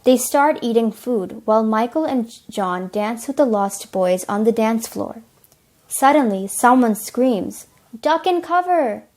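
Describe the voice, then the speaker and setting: A woman's voice: fairly high pitch, unhurried, darkish tone. A teenage girl reading plain storybook narration for a school play. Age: teens.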